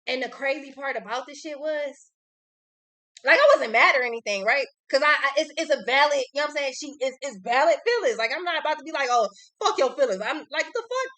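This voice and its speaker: A woman's voice: high voice, fast talker, a bit bright. A young adult woman giving a casual tarot reading, blunt, outspoken and freely cursing. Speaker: tarot reader.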